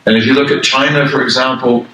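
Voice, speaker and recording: A man's voice: mid-range voice, fairly even intonation, fast, bright, forceful tone, recorded from a distance. Older man, religious lecture, conversational, repeats for emphasis, roomy hall, faint background hum. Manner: conversational, repeats phrases for emphasis, asks the audience questions. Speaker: Islamic scholar and lecturer. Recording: echoey room, speaker away from the mic.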